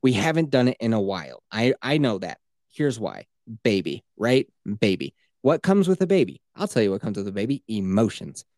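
Boisterous man with lively swooping delivery. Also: fairly low pitch, moderate pace, no room sound, studio quality. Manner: boisterous, crude joking. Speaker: podcast host. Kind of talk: casual comedic chat.

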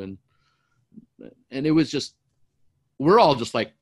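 Animated man telling a rambling story. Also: mid-range voice, slow, no room sound. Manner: animated, rambling, repeats words. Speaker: storyteller guest. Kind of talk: casual storytelling.

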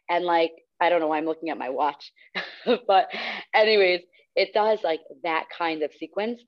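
Animated young woman telling a story. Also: fairly low pitch, moderate pace. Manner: animated, acts out quoted voices. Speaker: guest, radio host. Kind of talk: casual storytelling in an interview. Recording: slightly muffled recording.

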